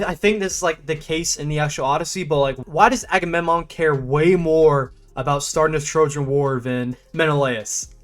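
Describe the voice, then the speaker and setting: Rambling young man reviewing a film. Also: on the high side. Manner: rambling, stop-start, many fillers and restarts; laughs often, animated bursts. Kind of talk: casual spoken movie review.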